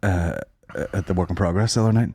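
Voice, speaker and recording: A young Northern Irish man co-hosting a podcast, telling animated, sweary stories in casual chat. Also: low voice, quick pace, husky, no echo. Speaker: podcast co-host.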